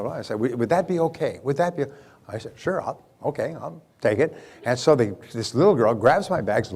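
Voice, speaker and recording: Man speaking at a business seminar. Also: medium pitch. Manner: animated storyteller, acts out quoted voices; addresses audience with questions. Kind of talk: business seminar talk with storytelling.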